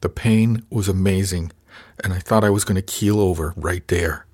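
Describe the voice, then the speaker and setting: A man reading a first-person novel aloud as an audiobook narrator, measured and lightly voicing the characters. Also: low-pitched, a little mellow, no echo, studio quality.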